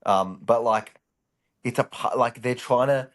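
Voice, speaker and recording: A man from Australia co-hosting a casual podcast chat, animated and teasing, who fills his talk with "like". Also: mid-range voice, unhurried. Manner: animated, heavy on filler "like", teasing. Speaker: podcast co-host.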